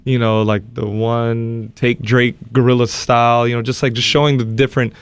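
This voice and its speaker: A man's voice: mid-range voice, little pitch movement, moderate pace, clean tone. Laid-back man chatting as a guest. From Hawaii. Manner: laid-back, easygoing, laughs often. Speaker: guest, comedian. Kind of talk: casual interview chat.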